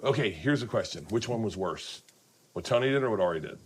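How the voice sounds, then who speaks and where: A man's voice: fairly low pitch, fairly quick, husky. A middle-aged man hosting a podcast, telling rowdy anecdotes over dinner with lots of restarts and swearing. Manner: profane, animated anecdote telling with many restarts. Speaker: podcast host.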